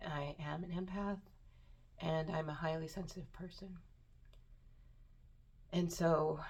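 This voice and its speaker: A woman vlogger giving personal advice to the camera, earnest and emphatic, repeating words for stress and sometimes dropping to a hushed near-whisper. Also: lowish voice, vocal fry, husky. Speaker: self-improvement vlogger.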